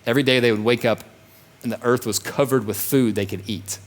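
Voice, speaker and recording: A man's voice: mid-range voice, animated, a little fast. A man preaching a sermon as pastor, emphatic and repetitive, sometimes acting out complaining voices. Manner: emphatic, repeats phrases, acts out grumbling voices.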